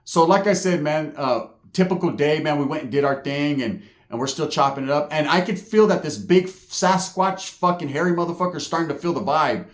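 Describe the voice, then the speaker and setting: A man from California with a fairly high-pitched voice, speaking a little fast in an echoey room, recounts a story about prison life. He uses casual street slang, full of profanity and "right?" asides.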